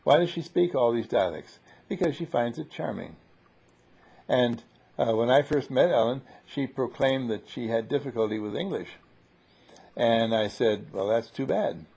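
A man's voice: medium pitch, normal speed, vocal fry, a little mellow, breathy edge. A man leading a casual group conversation, rambling and playful, with many fillers and restarts. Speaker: seminar leader. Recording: dull lo-fi recording.

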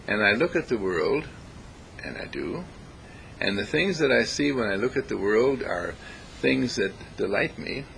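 A man giving a reflective spiritual talk, deliberate and emphatic, repeating phrases to stress them. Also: lowish voice, gravelly, sharp tone, a little hiss or hum, low-quality recording. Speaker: spiritual speaker.

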